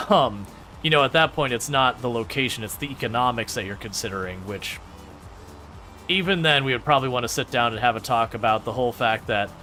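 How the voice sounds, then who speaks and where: A man streams a farming game and chats easily with his viewers. His voice is bright and forward, and he jokes, laughs and restarts his sentences as he goes. Faint game music hums in the background. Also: mid-range voice. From Michigan, United States. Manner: chatty, joking, laughs often, many restarts. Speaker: gaming streamer. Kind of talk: casual live-stream chat with viewers.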